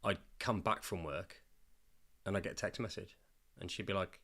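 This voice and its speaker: A man's voice: deep voice, fairly even intonation, normal speed, fairly bright tone, breathy edge. A man, a father co-hosting a podcast, telling his story openly and emotionally with some swearing. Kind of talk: candid podcast chat.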